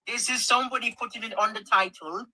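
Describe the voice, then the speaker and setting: A man's voice: high-pitched, steady tone, quick pace, bright, forceful tone, rough recording. A man in a heated debate who keeps pleading to be allowed to talk. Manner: pleading, keeps asking to speak. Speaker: debate guest.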